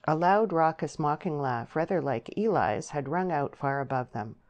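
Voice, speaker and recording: Low-voiced woman reading a novel. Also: lively intonation, a little mellow, lo-fi sound. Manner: measured, descriptive storytelling. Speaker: audiobook narrator. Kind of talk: scripted narration.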